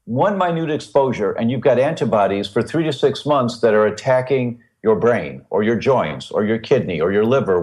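A man's voice: fairly low pitch, darkish tone. A middle-aged man, a guest expert on a podcast interview, explaining in a teacherly way with vivid analogies and repeated key points. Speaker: guest expert on gluten and health.

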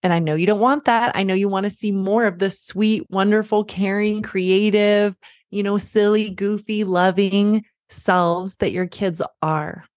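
A woman's voice: mid-range voice, fairly even intonation, a little slow, a little mellow, no room sound, clean studio sound. A woman in her thirties hosting a parenting podcast, coaching parents in an earnest, encouraging way and repeating key phrases.

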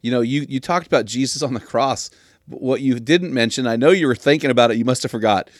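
A man's voice: mid-range voice, fast talker, no room sound. Man, podcast host, earnest, preachy, emphatic, dry close sound. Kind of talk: casual podcast conversation.

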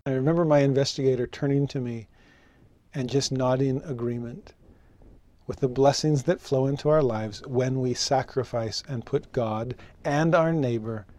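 A man teaching a scripture lesson, telling personal stories with animation and slowing down to read verses solemnly. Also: no echo. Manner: expressive, rises in pitch for rhetorical questions.

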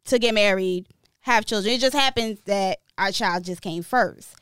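A woman speaks in a mid-range voice with a smooth, clear tone, recorded close and dry. She gives steady affirmations while she listens. Then she gently pushes back with her own point of view in a casual discussion. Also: mid-range voice, moderate pace, no echo.

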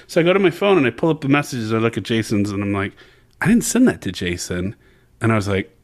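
A young adult man co-hosting a podcast, telling a casual story in an animated way and laughing often. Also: a little high, a little fast. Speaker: podcast co-host. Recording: podcast mic.

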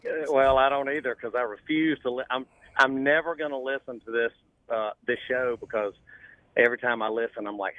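A man's voice: medium pitch, fairly even intonation, fairly quick, sharp tone. A man from South Georgia with a Southern accent, calling in from the road, talking in an easygoing, self-mocking way. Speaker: caller, construction company owner. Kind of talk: casual chat by phone. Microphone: phone while driving. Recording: tinny phone line.

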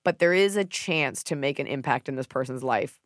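A woman co-hosting a casual advice chat, cracking sarcastic, deadpan jokes. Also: a bass voice, moderate pace, dry recording, studio quality. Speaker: podcast co-host.

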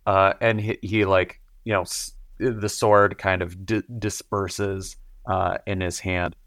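A man's voice: deep voice, flat delivery, slow, fairly bright tone, no room sound, studio quality. A man playing a tabletop game who describes his actions hesitantly, with many fillers. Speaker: player. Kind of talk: casual tabletop play.

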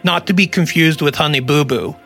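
A man hosting a podcast in casual comedic chat, a joking storyteller with quick asides. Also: a little high, vocal fry, fairly bright tone, faint music behind. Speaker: podcast host.

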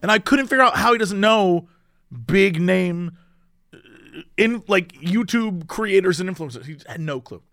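A man's voice: sits high, lively intonation, moderate pace, a bit bright, no echo, clean studio sound. A man in casual podcast chat, animatedly telling a story and acting out the quoted lines.

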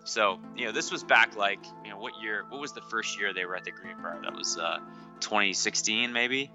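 A man co-hosting a podcast over a remote call, telling a rambling story with halting restarts. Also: fairly low pitch, over music, low-quality recording. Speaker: podcast co-host. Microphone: remote call setup.

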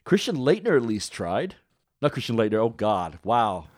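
A man's voice: medium pitch, very animated, moderate pace, dry recording, studio quality. A man co-hosting a podcast, chatting casually, rambling and swearing now and then. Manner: rambling, swears casually, laughs at own jokes. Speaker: podcast co-host. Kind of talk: casual chat.

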